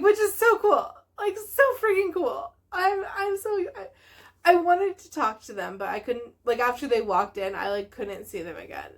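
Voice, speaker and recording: A woman hosting a knitting video podcast, chatting casually to camera in a bubbly, gushing way and laughing often. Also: fairly high pitch.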